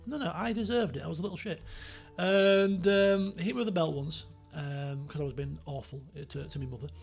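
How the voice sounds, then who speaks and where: Animated man with a high, gravelly voice. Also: a little fast, faint music behind. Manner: animated, rambling anecdotes with acted-out quotes. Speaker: streamer. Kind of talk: casual storytelling on a live stream.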